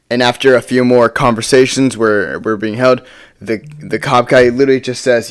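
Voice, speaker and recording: A man's voice: mid-range voice, lively intonation, fairly quick. A man telling a story in a casual vlog, rambling, stumbling over his words and swearing casually. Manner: rambling, with frequent stammered restarts and casual swearing. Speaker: storytime vlogger.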